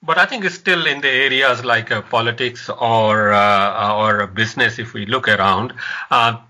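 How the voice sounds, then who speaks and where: A man's voice: medium pitch, moderate pace, bright, forceful tone. Hesitant middle-aged male radio host. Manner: hesitant, with many fillers. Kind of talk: radio interview hosting.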